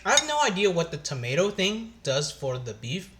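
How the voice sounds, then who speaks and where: A man casually chatting on his cooking live stream, thinking aloud with halting pauses as he tastes the food. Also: sits high, wildly swooping pitch, music in the background.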